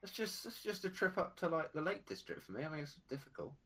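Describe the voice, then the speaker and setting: A man joking in casual podcast chat, his pitch swinging up and down a lot as he talks. He sounds playful and loose. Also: very animated, fast talker, background noise.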